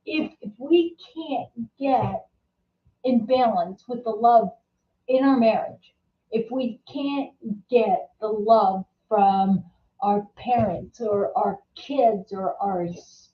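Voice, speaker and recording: A woman hosting a casual live-stream chat. She talks in a halting way, often repeating words and restarting her sentences. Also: a little high. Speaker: host. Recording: distant, roomy and dull-sounding.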